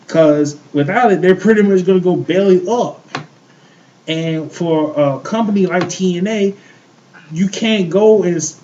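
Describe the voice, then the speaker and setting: A man's voice: high voice, warm tone, muffled recording, slight background noise. A man co-hosting a show, ranting in heated casual chat, swearing often and repeating himself. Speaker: podcast co-host.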